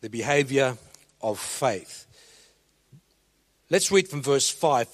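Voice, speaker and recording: A male preacher, giving an animated sermon and telling a story, often repeating words as he starts a sentence. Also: medium pitch, slow, long pauses. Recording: long reverb of a large hall.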